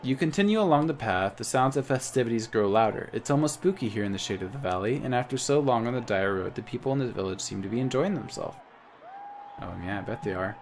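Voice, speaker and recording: A man's voice: medium pitch, animated, quick pace, a little hiss or hum. A man playing a text game, reading its story aloud and adding casual comments in between. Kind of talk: let's-play narration and commentary.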